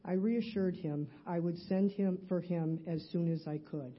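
A middle-aged woman in a church, earnestly reading her personal testimony aloud, halting at times with restarts. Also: on the low side, fairly even intonation, highs cut off. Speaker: church member giving a testimony.

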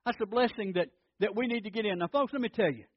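A man's voice: high-pitched, fast, breathy edge, no echo, dull audio. A man preaching a sermon as pastor, telling folksy stories and often repeating his words.

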